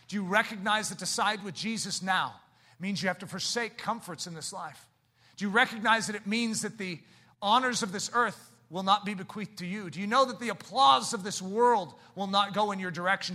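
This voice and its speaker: A man preaching a sermon, swinging from hushed, low passages to shouted climaxes and pressing the listeners with rhetorical questions. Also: lively intonation, normal speed.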